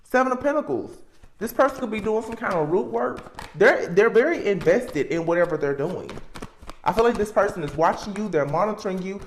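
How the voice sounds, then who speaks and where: A woman gives a casual spoken tarot reading, pressing her points and circling back to repeat them as she works her thoughts out aloud. Her voice sits at a middling pitch. The room around her adds a noticeable echo. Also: expressive, brisk, slight background noise. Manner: emphatic, repetitive, thinking aloud. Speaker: tarot reader. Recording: roomy echo.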